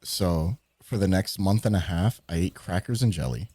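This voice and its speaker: Low, dry-voiced man telling stories. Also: moderate pace, husky, no echo. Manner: animated storyteller who swears freely. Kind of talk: casual livestream chat.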